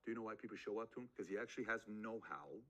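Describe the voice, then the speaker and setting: A man's voice: fairly low pitch, rapid-fire, noisy background. A man hosting a podcast, giving motivational advice with punchy rhetorical questions and acted-out quotes. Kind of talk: motivational talk.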